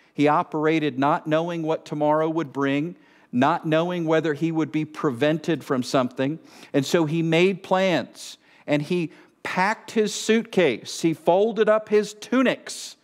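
A man hosting a Bible teaching, talking in a conversational and emphatic way and throwing playful rhetorical questions at his listeners. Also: a little high. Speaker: Bible teacher and show host.

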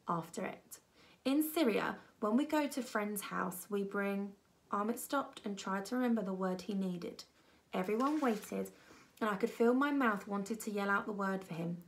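A woman reading a children's novel aloud at a primary school with expressive storytelling. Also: normal speed, creaky. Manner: expressive storytelling, voicing children with raised pitch. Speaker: reader.

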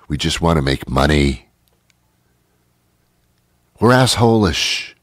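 A man's voice: extremely low pitch, expressive, slow pace, pauses often, fairly bright tone, dry recording, studio quality. A man hosting a talk show, musing aloud in a rambling monologue with frequent stammered restarts, while he has a cold.

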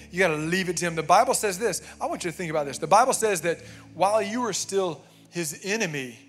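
Male pastor, young, casual emphatic sermon delivery, fairly high pitch. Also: a bit bright. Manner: emphatic, conversational preaching with frequent "amen" and "man". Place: church sanctuary.

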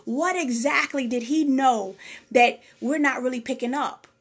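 A woman's voice: high voice, measured pace, husky. A woman minister giving a short devotional sermon in a conversational way, repeating phrases and often checking in with "okay?". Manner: conversational, keeps asking "okay?".

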